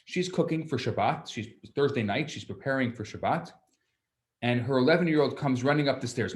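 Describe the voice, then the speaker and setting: Animated male rabbi telling a story. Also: mid-range voice, normal speed. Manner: animated storyteller, acts out children's voices, stammers on restarts. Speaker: rabbi teaching a class. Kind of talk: storytelling lecture.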